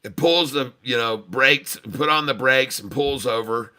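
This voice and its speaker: A man hosting a trading livestream tells a bawdy joke in a folksy, chuckling way. His voice is strongly bright and sharp. His pitch sits in the middle range. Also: a little slow, smooth. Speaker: day-trading livestream host.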